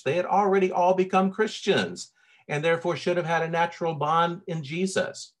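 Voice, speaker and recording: A middle-aged pastor from Tennessee preaches at a normal speed in a fairly high male voice marked by a Southern accent. The delivery is casual and conversational, dotted with fillers and restarts.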